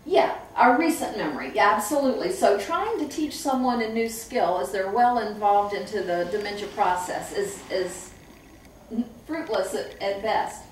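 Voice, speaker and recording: A middle-aged woman who trains staff at a memory care home, telling lively stories and acting out the voices of people she quotes. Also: mid-range voice, normal speed, a little hiss or hum. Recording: echoey room, far from the mic.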